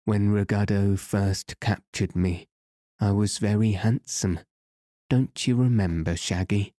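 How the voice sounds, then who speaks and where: A man's voice: on the low side, steady tone, slow, dark tone, no room sound, clean studio sound. A man doing a gloomy, wailing enchanted prisoner. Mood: despairing. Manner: wailing, hollow and sad.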